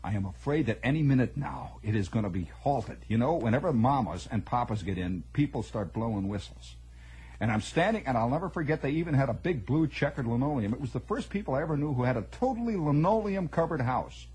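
A man telling a long personal story in an animated, conversational way, repeating words for emphasis. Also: medium pitch, fairly quick, slightly rough, poor audio. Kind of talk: spoken storytelling monologue.

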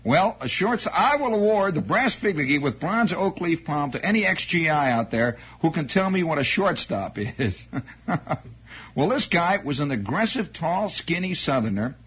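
A man's voice: on the high side, very animated, moderate pace, breathy edge. A man telling a rambling army anecdote on air, digressive, with repeated words and wry asides. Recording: dull lo-fi recording.

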